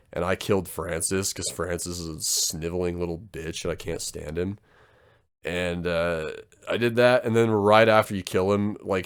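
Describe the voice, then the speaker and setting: A man's voice: low-pitched, clear, resonant tone. Crude joking young man on a podcast. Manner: crude, joking, swears a lot. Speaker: podcast co-host. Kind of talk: casual chat.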